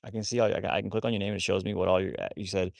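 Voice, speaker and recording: A man's voice: sits low, little pitch movement, racing, vocal fry, dry recording, clean studio sound. A man hosting a casual livestream about rescuing wolfdogs, rambling with many restarts while he talks to his dogs.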